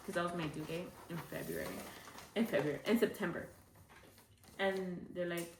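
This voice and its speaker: A young woman talks casually about her own life in a chatty way, with many fillers. She sits away from the mic, and her voice rings in an echoey room. Background noise is clearly heard. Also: fairly low pitch, level tone, moderate pace, distant mic. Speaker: vlogger. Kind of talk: casual storytelling.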